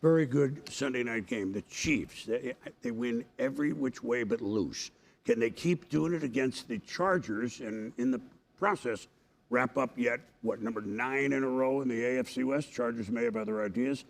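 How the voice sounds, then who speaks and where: A man hosting a sports studio show, chatting about the week's games and leading into the highlights. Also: moderate pace, vocal fry. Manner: conversational, leads the segment and throws to highlights. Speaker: studio host.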